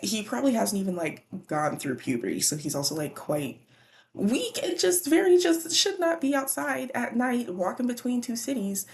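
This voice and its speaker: A woman casually recapping a children's book, animated and slangy. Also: fairly high pitch, normal speed, hardly any pauses. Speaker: book vlogger.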